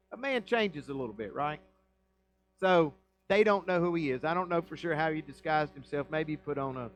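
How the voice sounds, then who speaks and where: A man's voice: high-pitched, a bit bright, low-quality recording. A middle-aged man, a pastor teaching a Bible study sermon and asking the congregation questions as he retells the story.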